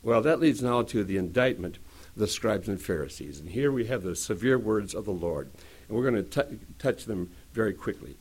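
Male preacher, middle-aged, animated sermon delivery, wide-ranging pitch, joking asides.

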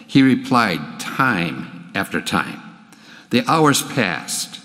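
Older male pastor, lowish voice, folksy sermon, long sanctuary reverb. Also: sing-song, pushed and bright. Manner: folksy storytelling, halting restarts. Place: church sanctuary.

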